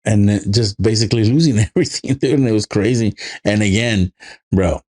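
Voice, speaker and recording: A man co-hosting a casual podcast, laid-back and swearing freely, slipping into animated quoted voices as he tells stories. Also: lowish voice, a little fast. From immigrated to the United States as a child. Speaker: podcast co-host. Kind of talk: casual chat.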